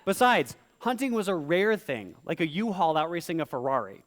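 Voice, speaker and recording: A playful stand-up comic rhymes through a live set on stage and slips into quick voices. The pitch sits a bit above the usual and jumps about. The sound is a stage microphone. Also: male voice, sing-song, fairly bright tone. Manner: playful, theatrical, quick vocal impressions. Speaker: stand-up comedian. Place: live comedy stage with audience.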